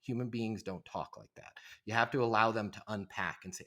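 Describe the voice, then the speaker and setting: A middle-aged man talks with a forceful, emphatic drive on a podcast interview. He coaches like a trainer, slipping into quick quoted voices to act out phone calls. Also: on the low side. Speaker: leasing trainer, podcast guest. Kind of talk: energetic podcast interview talk.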